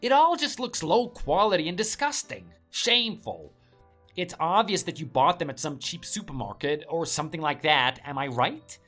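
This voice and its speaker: A woman's voice: deep voice, animated, normal speed, a bit bright, faint music behind. A woman voicing an arrogant, contemptuous young husband who sneers and scolds his wife. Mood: sneering. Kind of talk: story drama voice acting.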